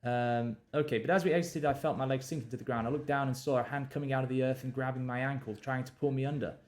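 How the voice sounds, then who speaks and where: A man's voice: medium pitch, steady tone, quick pace, a little mellow. A male novelist on a live stream, talking through his writing with many fillers and restarts and reading draft lines aloud. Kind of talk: thinking aloud while drafting.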